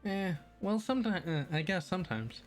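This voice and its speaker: A man's voice: high-pitched, big pitch swings, normal speed, faint music behind, voice pushed up. A man voicing a bashful, defensive teenage girl in a visual novel, with a stammering, snappy manner. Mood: flustered.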